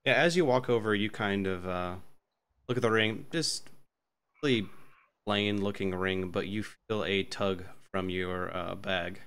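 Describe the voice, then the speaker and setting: A man's voice: lowish voice, a little slow, fairly bright tone, clear, resonant tone. A man narrating a tabletop game as game master, hesitant and full of fillers.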